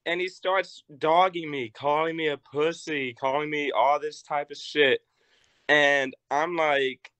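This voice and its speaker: Young man from Arkansas, casual chat, lively voice that jumps when he quotes people, bright tone. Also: a little slow, clear, resonant tone, no echo. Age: young adult. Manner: animated storyteller, acts out quotes with big pitch jumps. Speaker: wrestler guest.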